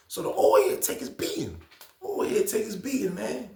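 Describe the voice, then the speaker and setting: A man's voice: high-pitched, huge pitch swings, moderate pace, vocal fry, a little mellow. A man casually telling a prison story to his viewers, with a lot of slang and repeated phrases. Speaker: storytime channel host. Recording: echoey room.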